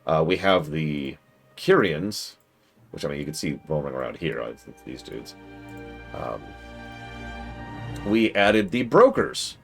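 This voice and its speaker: A man streaming a game, rambling casually with self-corrections and excitable asides. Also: a bass voice, measured pace, vocal fry, long pauses. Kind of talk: casual gaming stream commentary. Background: game music.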